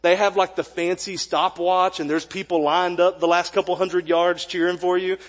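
Young male pastor, high-pitched and animated, joking through a sermon story. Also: normal speed. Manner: animated, jokey storytelling with acted quotes. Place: church sanctuary.

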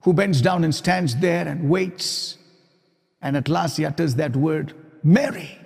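High-voiced pastor preaching in a reverberant hall. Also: male voice, unhurried, gravelly, breathy edge. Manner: emphatic preaching, dropping to soft whispers for quoted lines. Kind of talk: sermon.

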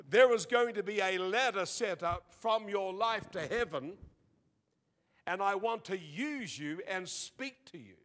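High-voiced man preaching an animated sermon. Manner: animated storytelling, acts out quotes, laughs often.

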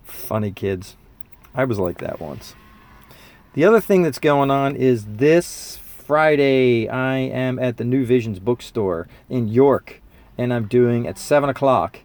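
A fifty-year-old man speaks in a relaxed, unscripted monologue, mid-range in pitch. He sounds earnest and reflective, turning keen at times, and often pauses with fillers and restarts. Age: 50s. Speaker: musician and spiritual teacher. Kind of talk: casual spoken monologue.

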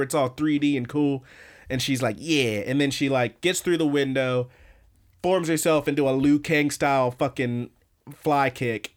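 A man in the middle of an easygoing podcast recap, talking at an average pitch and pace. He rambles through the episode, swearing freely and stopping often to restart his sentences. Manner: rambling, profane, lots of fillers and restarts. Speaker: podcast host. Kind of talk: casual anime episode recap.

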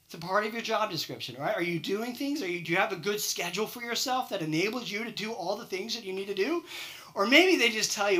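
A man's voice: high voice, animated, quick pace, sharp tone. A man preaching a sermon, firing off rhetorical questions and acting out quoted excuses. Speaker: pastor.

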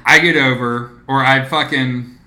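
A young man co-hosting a podcast, telling stories in a profane, animated way in casual chat. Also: medium pitch, unhurried. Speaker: podcast co-host.

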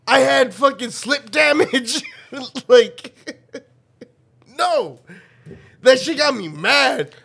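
A man's voice: very high voice, expressive, drawn-out words, vocal fry, pauses often, fairly bright tone, husky. A man co-hosting a podcast, trading crude jokes with a friend, laughing often and swearing a lot. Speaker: podcast co-host. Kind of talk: casual crude banter.

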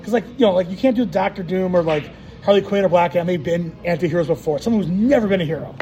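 A man's voice: high voice, fast, warm tone, soft background music, rough recording. A man co-hosting a casual podcast, teasing his friend and rambling with many restarts over a card game. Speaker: podcast co-host.

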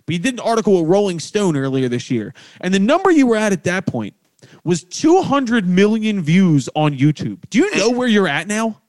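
A man hosting a podcast interview, lively and joking, asking the guest questions. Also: high-pitched, moderate pace, no room sound, clean studio sound. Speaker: podcast host.

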